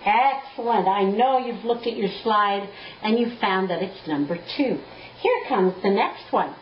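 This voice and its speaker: A woman music teacher, giving a slow, patient, clearly spoken lesson. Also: medium pitch, expressive, slight background noise. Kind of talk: recorded classroom lesson. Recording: echoey, dull lo-fi room recording.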